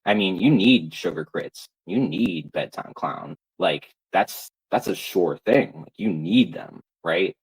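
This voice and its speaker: Husky man on an angry stream rant. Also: deep voice, lively intonation, takes it slowly, few pauses, poor audio. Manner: angry, profane, taunting.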